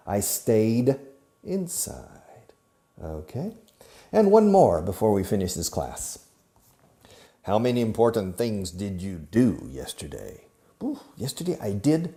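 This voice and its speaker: A man's voice: fairly low pitch, mellow. A middle-aged man teaching an English lesson to a camera, asking himself questions and answering them playfully. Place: classroom filmed for video. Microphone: camera operated by an assistant.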